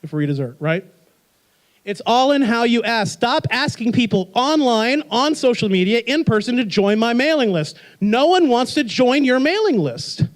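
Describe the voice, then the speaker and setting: A man with a notably high voice presents a workshop to a live audience. He is energetic and playful, and he fires rhetorical questions at the room to keep people involved. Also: normal speed.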